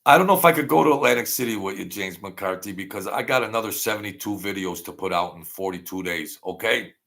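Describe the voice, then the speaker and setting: A man's voice: on the low side, quick pace, vocal fry, a bit bright. A man hosting a casual livestream, rambling and thanking viewers by name as he reads their comments. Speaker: channel host.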